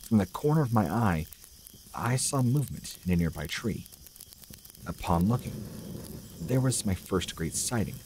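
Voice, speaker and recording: Deep-voiced man narrating horror stories. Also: lively intonation, normal speed, long pauses, a little mellow, a little hiss or hum, rough recording. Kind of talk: scripted narration of scary stories.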